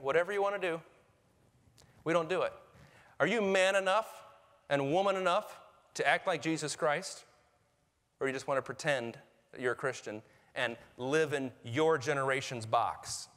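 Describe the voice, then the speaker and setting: A man preaching a sermon as pastor, lively and conversational, acting out quoted voices. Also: medium pitch. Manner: animated preaching, acts out quoted voices, laughs at own jokes. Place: church sanctuary. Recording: reverberant church hall.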